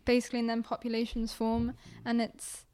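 A woman with a fairly high voice leads a casual chat, tossing in jokes and quick asides. She giggles easily and keeps things light. The feel is of friends talking on a podcast. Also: monotone, a little mellow, no echo. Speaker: podcast host.

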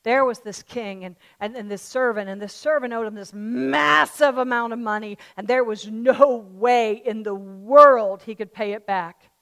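A woman pastor preaching a sermon, swinging between loud fervent declarations and quiet conversational asides, telling a parable in a chatty way. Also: a little high, measured pace, hardly any pauses. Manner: tells a parable in a chatty storytelling way.

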